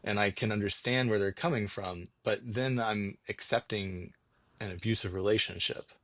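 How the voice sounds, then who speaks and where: A man's voice: lowish voice, normal speed, a bit bright, no echo. A man speaking reflectively in a casual podcast conversation, often restarting his sentences. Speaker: podcast co-host.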